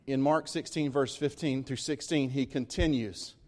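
A man preaching a sermon, emphatic, rising to loud peaks and dropping to slow, quiet stresses. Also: mid-range voice, fairly even intonation. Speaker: pastor.

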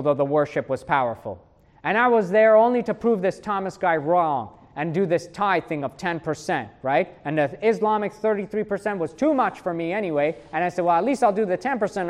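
A man preaching a sermon, telling a personal story with lively asides and acted-out thoughts. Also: high-pitched. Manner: animated storytelling, acting out his own inner voices; frequent tag questions.

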